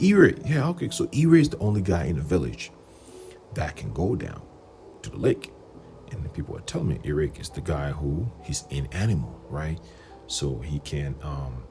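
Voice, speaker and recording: Deep-voiced guy rambling through a story on his stream, gets loud when he quotes folks, faint music behind. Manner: animated, rambling, quotes people in raised voices. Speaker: livestream host. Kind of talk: casual storytelling on a livestream.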